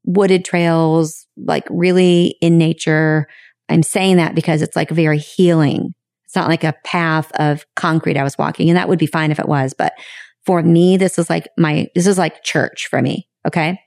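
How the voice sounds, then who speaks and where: Woman host talking straight, kinda low voice, dry close sound, swears a bit, jumps up high for emphasis. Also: steady tone, normal speed, vocal fry, darkish tone, no echo. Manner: frank and emphatic, with casual swearing; reflective, with sudden high bursts of emphasis. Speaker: podcast host. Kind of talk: candid podcast monologue.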